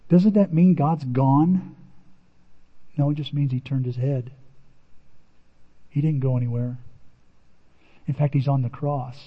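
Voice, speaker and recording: A man preaching a sermon in a conversational, animated way, his voice rising for emphasis. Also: fairly high pitch, unhurried, long pauses. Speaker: pastor. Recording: muffled sound in a reverberant hall.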